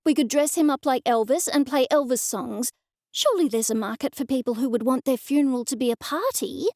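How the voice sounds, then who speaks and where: A woman's voice: high-pitched, a little fast, a little mellow, dry recording, clean studio sound. A woman voicing an exasperated young woman who snaps and pleads with her mother. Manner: snappish and pleading by turns. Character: exasperated young woman, funeral home heir.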